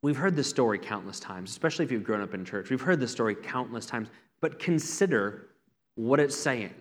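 A man's voice: medium pitch, expressive, fairly quick. Man preaching a sermon in a reverberant hall. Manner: earnest, conversational preaching with repeated phrases. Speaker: pastor.

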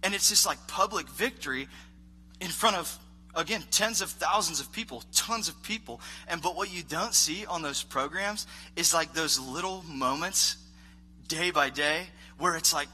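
A man's voice: a little high, normal speed, a little hiss or hum, low-quality recording. A man pastor preaching a conversational sermon in a church, rambling and self-deprecating with lots of filler words. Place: church stage. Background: live worship band playing softly.

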